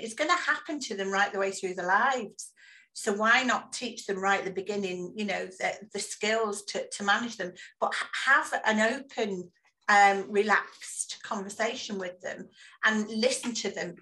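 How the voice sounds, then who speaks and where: Woman giving earnest parenting tips, bright sharp-edged voice, restarts words a lot. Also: medium pitch, low-quality recording. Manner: earnest, repeats words while thinking. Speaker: parenting advice guest. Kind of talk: advice in casual discussion.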